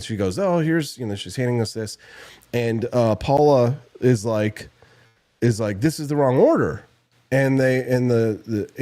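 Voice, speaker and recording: A man's voice: mid-range voice, a little mellow. Rambling talk show host man. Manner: rambling anecdotes with many fillers and restarts. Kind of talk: casual radio talk show.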